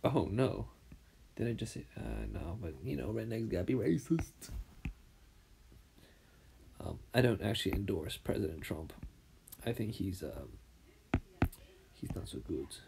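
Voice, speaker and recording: A tired man with something in his throat, mumbling softly and half-whispering as he comments on his drawing. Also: on the low side, very animated, unhurried, creaky, long pauses, slight background noise. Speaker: artist streaming his drawing. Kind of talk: casual commentary while drawing.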